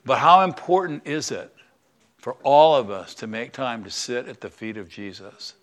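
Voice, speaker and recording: An older pastor preaches in a relaxed, conversational way, often turning to the listeners with questions. His voice sits at an ordinary middle pitch for a man. He is an American man teaching a Bible lesson to his congregation. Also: moderate pace. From United States. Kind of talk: sermon.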